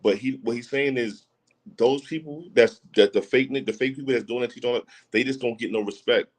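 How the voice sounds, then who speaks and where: A man's voice: medium pitch, a little fast, poor audio. A man talking as a podcast guest in casual chat, emphatic and repetitive, often asking if you get what he's saying. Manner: emphatic, repeats phrases, often asks "you know what I'm saying".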